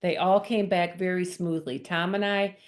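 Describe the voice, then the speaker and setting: A woman's voice: on the low side, fairly even intonation, moderate pace. A woman telling her personal faith testimony as a guest author, earnest and emotional in her storytelling.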